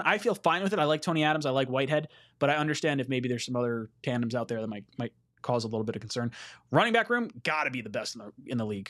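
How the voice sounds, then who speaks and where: A man hosting a casual sports call-in show, excitable and quick to swear while he reads viewer messages. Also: fairly high pitch. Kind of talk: casual livestream sports talk.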